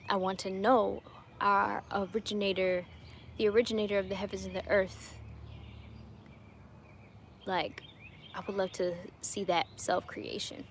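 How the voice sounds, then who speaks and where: A woman in her late twenties hosting a casual livestream from home, answering viewer questions in an earnest, reflective way with frequent soft laughs. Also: mid-range voice, slight background noise. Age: late 20s.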